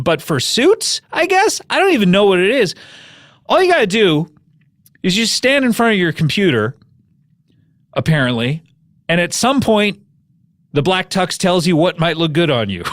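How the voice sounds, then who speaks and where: A man's voice: sits high, sing-song, measured pace, long pauses. A man hosting a comedy podcast, playful and jokey, reading ads and bantering with guests. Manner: playful, jokey, mock-amazed. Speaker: podcast host.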